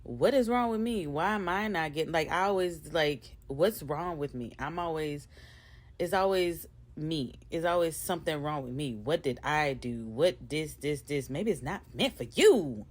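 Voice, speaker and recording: Candid woman podcaster, lowish voice. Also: animated, moderate pace. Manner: candid, rambling, laughs at herself. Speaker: podcast host. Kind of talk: casual motivational monologue.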